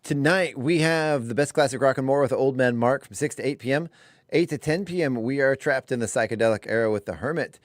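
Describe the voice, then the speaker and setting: A man's voice: medium pitch, fairly quick, dry recording. A man co-hosting a morning radio show, chatty and rambling, at a studio microphone. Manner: chatty, rambling, self-correcting. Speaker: radio co-host.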